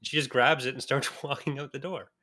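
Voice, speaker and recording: A man's voice: mid-range voice, steady tone, fairly quick, pushed and bright. A man from Canada co-hosting a podcast, telling a laid-back anecdote in casual chat. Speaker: podcast co-host.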